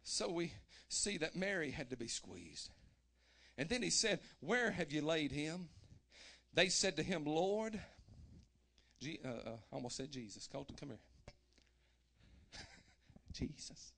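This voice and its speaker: A pastor preaching a sermon in a church, folksy and humorous, building with rising fervor and shouting at the climaxes. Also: male voice, a little high, sing-song, moderate pace, vocal fry. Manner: folksy and humorous, acts out people he quotes. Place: church sanctuary.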